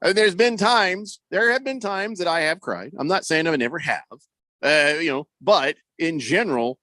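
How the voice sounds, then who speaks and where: A man hosting a sports radio show in casual talk, reading listener messages aloud with a mocking, animated manner. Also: on the high side, normal speed, no room sound.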